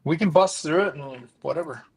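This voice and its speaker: A man's voice: fairly high pitch, brisk, darkish tone, breathy edge, low-quality recording. A man giving short, laid-back answers as a guest in a casual chat. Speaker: guest taster.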